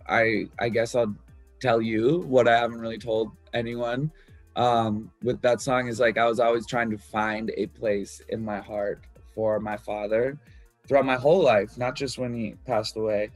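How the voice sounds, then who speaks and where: A man's voice: lowish voice, dry recording. Candid man swearing casually about his music. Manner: loose and candid, swears freely, lots of fillers. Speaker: musician discussing his album. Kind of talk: casual talk about songwriting.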